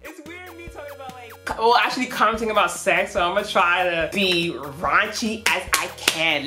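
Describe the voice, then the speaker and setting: A woman's voice: medium pitch, animated, normal speed, hardly any pauses, pushed and bright, faint music behind. A woman casually recapping a manga in a rambling, profane way, laughing often. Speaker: manga reviewer.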